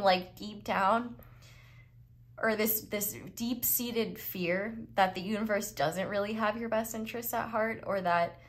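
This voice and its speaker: A woman's voice: medium pitch, fairly bright tone. A young woman giving a casual psychic tarot reading, chatty and filled with "like" and "um," often restarting her sentences. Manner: chatty, heavy use of "like" and "um", frequent restarts. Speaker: tarot reader.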